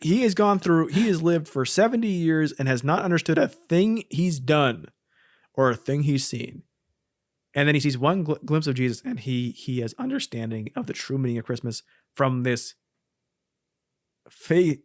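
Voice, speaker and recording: A man's voice: on the high side, lively intonation, moderate pace, no room sound. Sardonic man recapping with dry wit. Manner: sardonic, acts out scenes in funny voices. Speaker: podcast co-host. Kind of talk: casual comedic recap chat.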